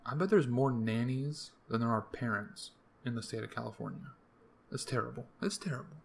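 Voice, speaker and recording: A young man from the US East Coast hosting a podcast alone, rambling through profane, jokey rants with sudden jumps in pitch. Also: a little fast, vocal fry. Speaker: podcast host. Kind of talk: casual solo rambling monologue.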